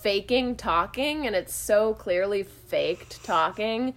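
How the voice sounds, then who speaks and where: Co-hosting a podcast, a woman recaps a movie plot in casual, wry conversation packed with "like" fillers. Her voice is mid-range and she speaks slowly, keeping things chatty.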